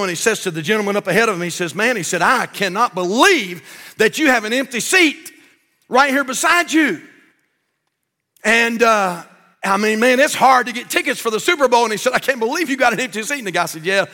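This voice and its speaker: A Southern American pastor preaching from the pulpit, his slightly high voice bright and forceful. He tells stories with lively turns and slips into a hushed tone for prayer. The recording carries the long reverb of a church hall with faint music underneath. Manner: storytelling preacher, voice rising for punchlines and dropping low in prayer. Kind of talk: sermon with jokes and prayer. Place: church sanctuary.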